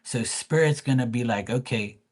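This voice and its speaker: A man's voice: medium pitch, a little slow. A man, a psychic tarot reader on a livestream, telling a story in a loose, profane, rambling way with many restarts. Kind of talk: casual storytelling.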